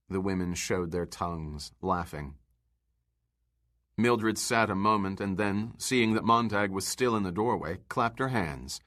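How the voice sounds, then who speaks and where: A man, a teacher, reading a novel aloud to his class in an expressive storytelling manner. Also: sits low, a little slow.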